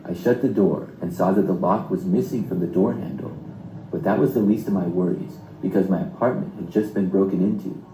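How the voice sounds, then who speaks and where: A man narrating a scripted first-person horror story in a steady, even delivery. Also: sits low, fairly quick, slight background noise. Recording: roomy echo.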